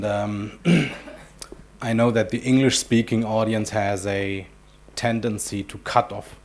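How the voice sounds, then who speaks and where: A man from Germany giving a conference talk, telling wry, self-deprecating stories with asides. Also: lowish voice. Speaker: conference speaker. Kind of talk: humorous keynote talk. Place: conference hall.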